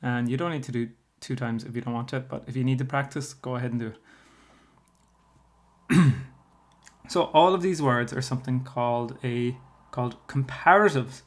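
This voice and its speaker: A man's voice: mid-range voice, moderate pace, long pauses. A primary school teacher talks a class through a spelling workbook. He explains patiently and steadily, dropping in fillers as he thinks. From Ireland.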